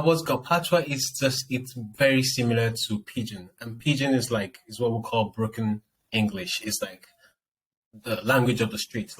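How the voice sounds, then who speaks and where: A young man with a Nigerian accent, a guest chatting casually in an interview and telling lively stories. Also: on the low side, slight background noise, rough recording. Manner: animated storyteller, acts out quoted voices.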